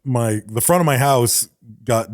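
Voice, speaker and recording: A man on a podcast telling a funny story in casual chat, halting and restarting, then getting animated. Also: medium pitch. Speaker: podcast co-host.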